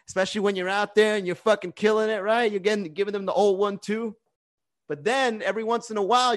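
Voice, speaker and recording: A comedian with a somewhat high voice hosts a casual livestream on his phone. He rambles, swears freely and roasts his viewers by name. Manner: profane, rambling, teasing. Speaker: stand-up comedian and livestream host.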